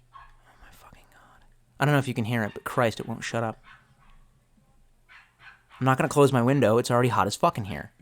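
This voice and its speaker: A man's voice: medium pitch, fast talker, long pauses. A man streaming live, who rambles casually with lots of swearing and reads viewer comments aloud.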